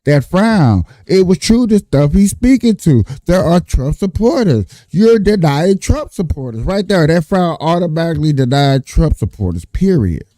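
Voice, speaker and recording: A man's voice: a little high, sing-song, moderate pace, few pauses, dark tone, dry recording, clean studio sound. A man arguing hard in a casual panel debate, profane and emphatic, repeating his points. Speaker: panelist, Trump supporter.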